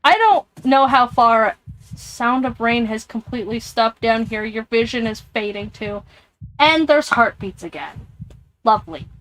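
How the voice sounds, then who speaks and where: A woman's voice: a little high, expressive, a little slow, fairly bright tone. A woman streamer playing a game, reading its text aloud and reacting with jumpy, scared comments. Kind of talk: live-streamed game playthrough. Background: headphones on, alone in a room.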